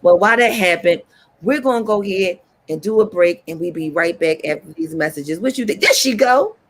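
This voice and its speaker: A woman hosting a talk show, preaching in an animated way and swooping up high when she exhorts. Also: fairly quick.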